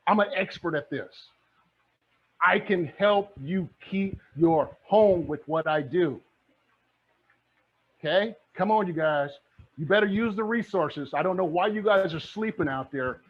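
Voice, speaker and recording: Middle-aged male mentor, high husky voice, fiery motivational pitch, muffled lo-fi recording. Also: expressive, unhurried. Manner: fired-up, preachy, repeats phrases. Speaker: guest speaker, real estate mentor. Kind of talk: motivational talk. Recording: dull lo-fi sound.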